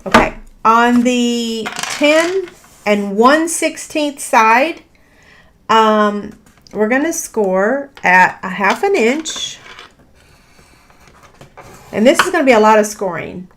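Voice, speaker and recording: A woman's voice: fairly high pitch, animated, takes it slowly, pauses often, fairly bright tone, slight background noise. Chatty woman teaching a papercraft tutorial. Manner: chatty and self-deprecating, many fillers. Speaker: paper craft instructor. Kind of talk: live crafting tutorial.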